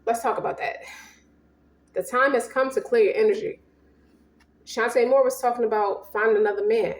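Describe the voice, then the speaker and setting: Woman, tarot reader, casual rambling monologue, swearing, slangy, fairly high voice, roomy echo. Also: moderate pace, a little hiss or hum. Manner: slangy, profane, emphatic, rambling.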